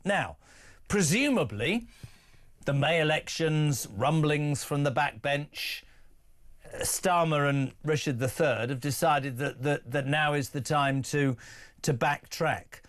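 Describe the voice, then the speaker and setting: A man's voice: a little high, slow, a bit bright. A man, hosting a brash phone-in talk radio show with teasing, sarcastic asides. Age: 50s.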